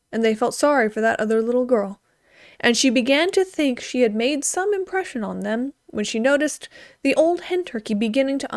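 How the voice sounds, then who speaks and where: A woman reading a story aloud in a gentle, expressive way. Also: fairly high pitch, no echo, studio quality.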